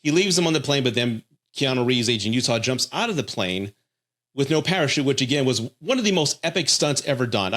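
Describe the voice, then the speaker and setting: A middle-aged man hosts a casual movie review in a loose, enthusiastic monologue. He swears freely and talks at an ordinary, mid-range pitch. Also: a bit bright. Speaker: film reviewer host.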